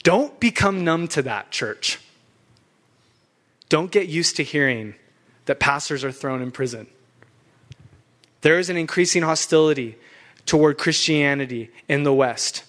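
A man's voice: fairly high pitch, lively intonation, measured pace, long pauses, fairly bright tone. A young adult man preaching a sermon as pastor, emphatic and fired up, with laughs between points.

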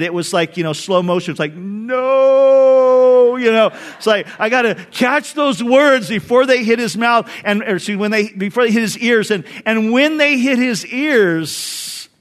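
High-voiced pastor preaching a sermon. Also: male voice, animated, normal speed. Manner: earnest storytelling, drops soft and low for personal memories.

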